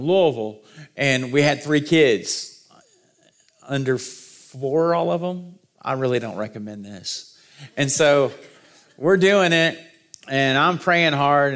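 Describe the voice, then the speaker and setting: A man's voice: mid-range voice, gravelly. A middle-aged man preaching a sermon, mixing scripture reading with earnest personal stories and self-deprecating humor. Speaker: pastor.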